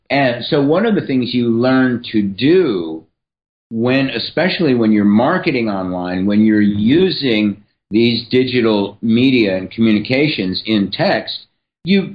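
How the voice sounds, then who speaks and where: Man, guest writer, measured teacherly talk, slow pace, slightly dull audio. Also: lowish voice. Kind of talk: explanatory interview talk.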